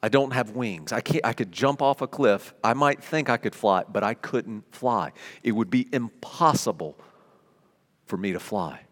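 A man preaching a sermon as pastor, animated and conversational, with everyday examples. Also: fairly low pitch, moderate pace, long reverb tail.

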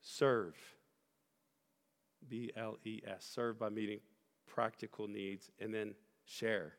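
Gravelly man preaching in a reverberant church. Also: fairly low pitch, little pitch movement, slow. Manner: earnest, builds to loud emphatic peaks. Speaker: pastor. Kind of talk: sermon. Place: church sanctuary. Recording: church hall reverb with soft music.

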